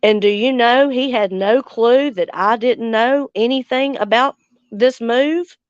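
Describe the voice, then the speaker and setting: A woman's voice: fairly high pitch, measured pace, clear, resonant tone, dry recording, highs cut off. A woman, hosting a casual livestream chat, angry and blunt, swearing heavily and answering viewers' comments. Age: 40s. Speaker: livestream host.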